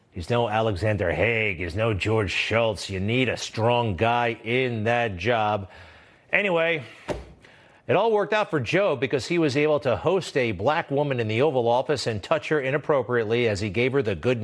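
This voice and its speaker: A man's voice: medium pitch, lively intonation, moderate pace. A man hosting political commentary, talking in a mocking, scornful way with chuckling asides. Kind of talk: opinionated commentary.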